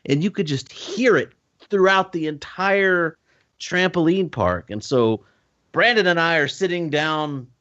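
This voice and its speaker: An animated male storyteller who acts out voices and laughs through his tale. His pitch swings widely as he talks. The recording is dry and a little dull. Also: measured pace, dry recording. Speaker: podcast co-host. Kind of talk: casual storytelling chat.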